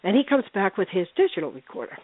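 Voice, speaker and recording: An older woman telling a story over a thin, tinny phone line, chatty and lively, slipping into little voices for the characters. Her voice sits at a middling pitch and sounds dry and close. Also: quick pace, breathy edge, dry recording. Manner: chatty, animated, acts out voices in her stories. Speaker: paranormal investigator guest. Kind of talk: casual phone interview storytelling.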